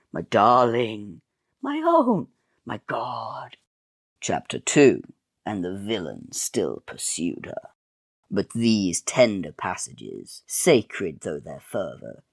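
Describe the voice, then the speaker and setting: Man, narrator, very low voice, wry mock-drama, dry close sound. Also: vocal fry, no room sound. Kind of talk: melodramatic storybook reading.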